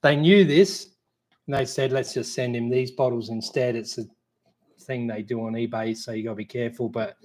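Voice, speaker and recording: Aussie guy rambling on a live q&a, easygoing, lots of ums, average pitch. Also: fairly even intonation, moderate pace, a little mellow. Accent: Australian. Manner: rambling, easygoing, many fillers and restarts. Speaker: co-host. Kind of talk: casual live Q&A chat.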